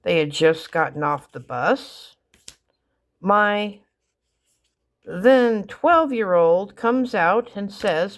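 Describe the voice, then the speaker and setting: A woman's voice: mid-range voice, animated, extremely slow, long pauses. A middle-aged mother casually telling funny stories about her kids, rambling with fillers and restarts. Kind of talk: casual storytelling.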